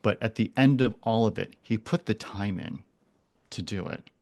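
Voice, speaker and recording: Gravelly, low-voiced man in his forties. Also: animated, moderate pace, darkish tone. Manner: earnest, many restarts and repeated words. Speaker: guest, animal communicator. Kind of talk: casual podcast conversation.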